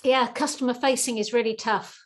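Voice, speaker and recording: A woman with a fairly high voice answers questions as a guest expert over a video call. She talks in a lively, animated way, often repeating her words and acting out the voices of people in her examples. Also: fairly quick. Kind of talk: webinar Q&A advice.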